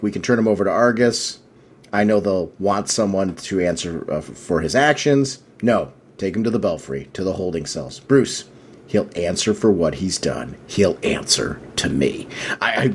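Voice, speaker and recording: Husky-voiced man talking comics. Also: medium pitch. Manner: enthusiastic, thoughtful, laughs at times. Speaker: podcast co-host. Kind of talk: casual podcast chat about comics.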